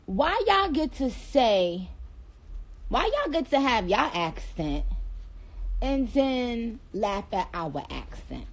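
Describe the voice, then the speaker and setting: A woman's voice: a little high, big pitch swings, takes it slowly, poor audio. A woman from Trinidad chatting playfully with viewers on a phone livestream, talking straight to them from a dim room. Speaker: livestream host. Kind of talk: casual livestream chat to viewers.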